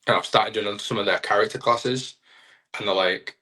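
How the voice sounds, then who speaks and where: Deep, bright-toned man. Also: normal speed. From Britain. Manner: chatty, self-deprecating, rambling. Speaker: wrestler guest. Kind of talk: casual interview chat.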